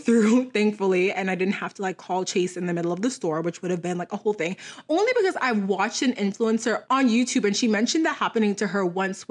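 A woman hosting a podcast, chatting casually and personally with many fillers and frequent laughs. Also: mid-range voice. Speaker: podcast host. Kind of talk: casual chat.

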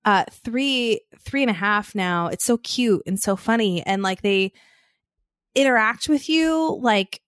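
A woman in her thirties co-hosting a podcast, telling animated stories about her kids in a casual chat and laughing often. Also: medium pitch, a little slow, smooth, no room sound, clean studio sound. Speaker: podcast co-host.

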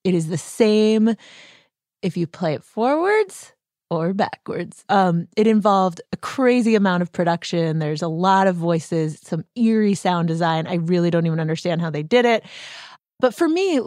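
A woman's voice: fairly low pitch, expressive, moderate pace, darkish tone, dry recording, clean studio sound. A woman from the Boston area hosting a podcast, talking in a playful, chatty way and dropping to a whisper in places. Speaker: podcast host. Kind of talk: casual chat.

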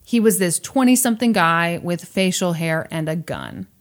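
A woman hosting a podcast, retelling a true crime story in casual chat with animated, sarcastic asides. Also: on the low side, moderate pace.

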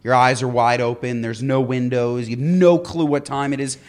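Dry, slightly raspy man. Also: mid-range voice, steady tone, normal speed. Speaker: podcast guest. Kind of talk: casual chat.

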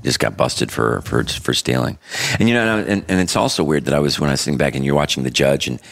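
A man with a very deep voice spins a long story for his podcast co-hosts. He rambles, restarts his sentences and keeps the talk loose and chatty. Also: quick pace, creaky, fairly bright tone. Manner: rambling anecdotes with frequent restarts and laughing asides. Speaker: podcast co-host. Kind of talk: casual storytelling chat.

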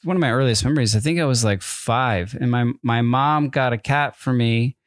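A man's voice: medium pitch, normal speed, no echo, clean studio sound. A man co-hosting a podcast in casual chat, rambling and hesitant with many fillers and restarts, with wry, amused asides. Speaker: podcast co-host.

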